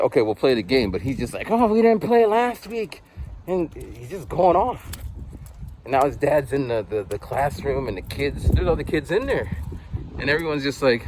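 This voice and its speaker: Man, 40s, teacher-vlogger, lively storytelling, outdoors with faint traffic behind. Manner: animated, acts out quotes with big pitch jumps. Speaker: English teacher. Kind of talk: casual storytelling vlog.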